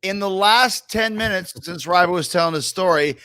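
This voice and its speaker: A man's voice: sits high, moderate pace, bright, forceful tone, smooth. A man hosting a podcast in casual chat, upbeat as he reads out text messages. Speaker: podcast host.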